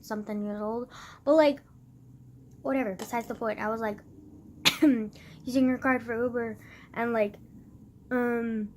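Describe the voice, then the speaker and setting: A woman's voice: fairly high pitch, darkish tone, slight background noise. A teenage girl telling a story to the camera as a casual rant, with lots of fillers and swearing. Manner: swears a lot, many fillers, venting. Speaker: vlogger.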